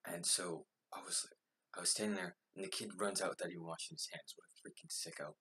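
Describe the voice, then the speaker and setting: Low, bright, husky young man rambling. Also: fairly even intonation, fast. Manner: rambling, filler-heavy, self-mocking. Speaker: vlogger. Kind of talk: casual storytelling.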